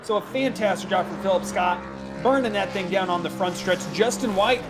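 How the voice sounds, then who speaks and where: A man doing play-by-play commentary for a sim racing broadcast, chatty and quick, laughing easily between calls. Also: high-pitched, music in the background.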